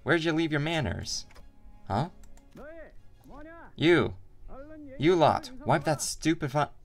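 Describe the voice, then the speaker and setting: A man's voice: a little high, animated, takes it slowly, soft background music, voice pushed up. Man doing a rowdy old gang boss. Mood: boisterous. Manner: gruff, teasing, slangy. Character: rough jovial older male gang boss.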